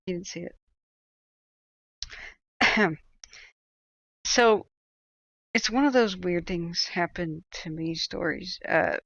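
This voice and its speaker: A woman's voice: fairly low pitch, slow, vocal fry, long pauses, a bit bright, dry recording. Woman, livestream host, casual rambling storytelling, dry dull-sounding recording. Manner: rambling, chatty anecdote-telling with asides. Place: at home.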